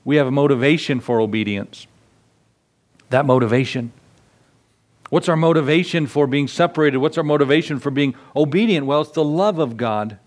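A man's voice: fairly high pitch, moderate pace. Conversational man preaching a sermon. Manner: earnest, conversational preaching with rhetorical questions. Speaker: pastor.

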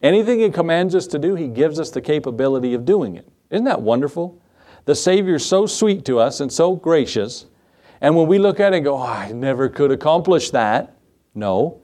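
A man's voice: fairly high pitch, expressive, a little fast, warm tone. A male pastor preaching in church in a conversational way, quizzing the congregation and cracking jokes. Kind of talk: sermon.

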